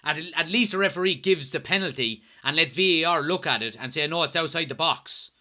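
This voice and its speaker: Irish watchalong host, fairly high, piercing tone, fired-up match commentary. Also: male voice, brisk. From Ireland, Kilkenny. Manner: excitable, yells at the referee, swears; reads out chat messages.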